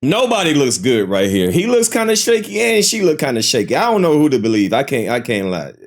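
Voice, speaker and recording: A man talks through a reaction video in a casual, skeptical way and keeps circling back to the same doubts. His pitch swings a lot as he talks. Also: a little fast. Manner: skeptical, repeats himself, animated. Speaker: reaction channel host.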